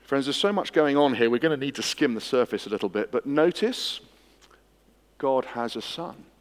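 A man preaching an expository sermon, swinging from hushed moments to emphatic ones. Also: mid-range voice, expressive, normal speed. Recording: long hall reverb.

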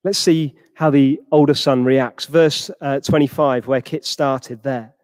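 A man's voice: fairly even intonation, a little slow, a little mellow, dry recording, in a large hall. A man preaching a sermon, retelling a parable and acting out the quoted characters. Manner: acts out quoted characters with rising pitch.

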